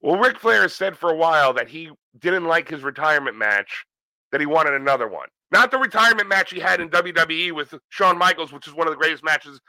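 A man's voice: a little high, expressive, a little fast, bright, forceful tone, no echo, low-quality recording. A man co-hosting a podcast in casual chat, joking and swearing freely. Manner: profane, joking wrestling talk. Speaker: podcast co-host.

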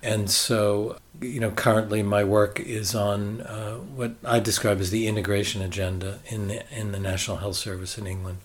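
An older man with a Boston American accent, a consultant guest talking in a relaxed, reflective and halting way. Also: fairly low pitch. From United States. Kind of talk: conversational interview.

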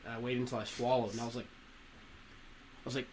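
A young man in casual chat with friends tells rough anecdotes full of swearing. His voice sits at an ordinary middle pitch. A faint room noise hangs in the background. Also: moderate pace, low-quality recording. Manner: profane, animated anecdote-telling with laughter. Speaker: storyteller among friends.

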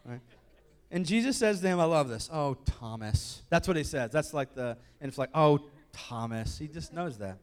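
A male pastor with a high-pitched voice delivers a sermon to a church congregation. He talks in a loose, joking way, then builds up to loud, shouted calls to the crowd. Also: animated, brisk.

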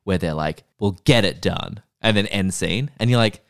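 Low-voiced joking man recapping TV. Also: normal speed, vocal fry, a bit bright, dry recording, clean studio sound. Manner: crude, jokey, acts out lines from the show. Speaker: podcast co-host. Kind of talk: casual chat recapping a TV episode.

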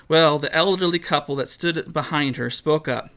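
A man reading a children's story aloud, acting out each character with an animated delivery. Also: on the high side, moderate pace, gravelly, hardly any pauses.

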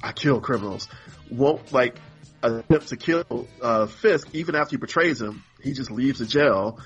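A man's voice: mid-range voice, moderate pace, breathy edge, muffled recording, faint music behind. A man co-hosting a podcast in casual chat, rambling and exasperated, acting out characters in mock voices. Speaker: podcast co-host.

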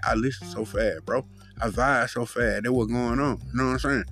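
A man's voice: medium pitch, fairly even intonation, normal speed, fairly bright tone, faint music behind. A man hosting his own solo podcast, talking in a profane, rambling, loose way with lots of fillers. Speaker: podcast host.

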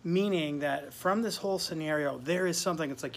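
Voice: medium pitch, brisk, slight background noise. A podcast host in casual chat, upbeat and chatty, talking to listeners like family.

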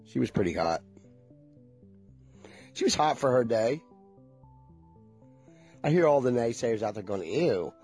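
A man's voice: mid-range voice, lively intonation, measured pace, pauses often, a little mellow, slightly rough, faint music behind. A man in his forties chatting casually to viewers, rambling and nostalgic and swearing freely.

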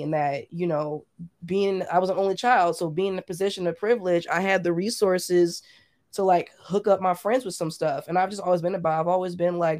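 A woman's voice: fairly low pitch, a little mellow. Chatty woman podcast co-host. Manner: storytelling, heartfelt, says "like" often. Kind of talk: casual chat.

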